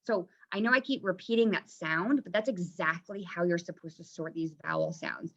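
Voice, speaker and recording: A woman teacher slowly sounding out vowels in a phonics lesson. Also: lowish voice, highs cut off. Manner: slow, drawn-out sounding out of vowels.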